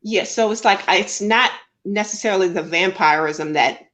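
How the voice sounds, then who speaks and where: A woman's voice: mid-range voice, normal speed, fairly bright tone. A woman co-hosting a casual film review chat, talking in chatty, enthusiastic bursts.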